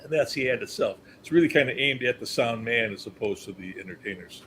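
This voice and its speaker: A man's voice: mid-range voice, fast talker, slight background noise, poor audio. An older man who works as a company historian, telling stories as a guest and acting out the people he quotes. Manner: animated storyteller, acts out quotes, chuckles. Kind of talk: anecdotal storytelling.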